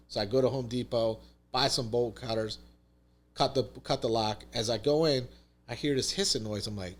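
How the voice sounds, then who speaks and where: A man with a medium-pitched voice talks at normal speed as a guest on a podcast. He tells a story conversationally and emphatically, swearing freely and leaning on "dude" and "literally" a lot.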